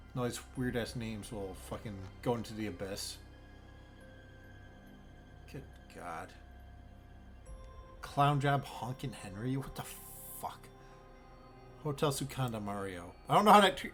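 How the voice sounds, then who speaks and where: Male streamer, mid-pitched, rambling and swearing in puzzled asides, soft game music underneath. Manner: bemused, profane, rambling. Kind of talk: casual gameplay commentary.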